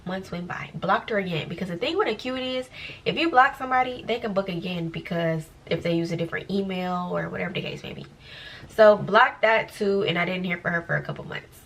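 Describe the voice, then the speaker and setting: A young woman, a lash tech, telling a story casually and acting out what people said with big jumps in pitch. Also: fairly quick, far from the mic, slight background noise, poor audio. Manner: animated, acts out quoted dialogue with big pitch jumps. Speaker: lash technician vlogger.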